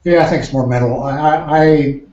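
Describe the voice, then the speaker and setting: A man, a triathlon coach, explaining training ideas in a podcast interview with measured, careful phrasing and frequent restarts. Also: a little high, a little mellow. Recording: roomy, dull lo-fi sound.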